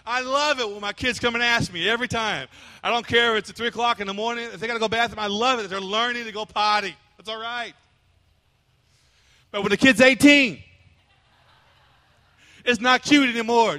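High, bright-voiced folksy preacher man. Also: brisk, pauses often, in a large hall. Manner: folksy, repetitive, acts out little scenes. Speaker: pastor. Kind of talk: humorous sermon.

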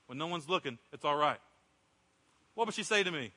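A middle-aged pastor delivers his sermon like a story told in conversation, dramatizing people's words. He speaks a bit high, briskly and animatedly, with a sharp edge, and the church hall adds a long reverb.

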